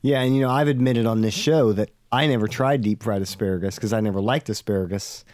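A man's voice: lowish voice, quick pace, darkish tone, dry recording, clean studio sound. A man co-hosting a podcast, chatting easily about food with many ums and restarts. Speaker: podcast co-host. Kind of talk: casual chat.

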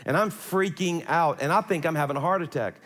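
Animated pastor telling a story in a big hall. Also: male voice, fairly high pitch, brisk. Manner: animated, conversational, acts out quotes. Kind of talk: sermon storytelling. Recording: long hall reverb.

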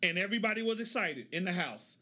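A man's voice: high-pitched, expressive, fast talker, pushed and bright. A middle-aged man hosting a casual monologue, telling stories in a laid-back way, laughing often and acting out the lines of the people in them. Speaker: podcast host.

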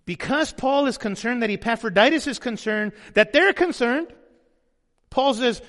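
A man's voice: extremely high pitch, lively intonation, normal speed, fairly bright tone. A male pastor preaching a sermon, emphatic and often asking his audience questions. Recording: long hall reverb.

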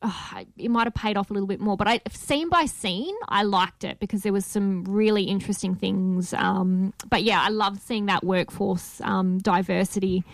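A woman's voice: medium pitch, moderate pace, creaky, hardly any pauses, no room sound. A woman co-hosting a film podcast, chatting casually and affirming often. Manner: chatty, affirming with frequent yeahs. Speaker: podcast co-host. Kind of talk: casual film review chat.

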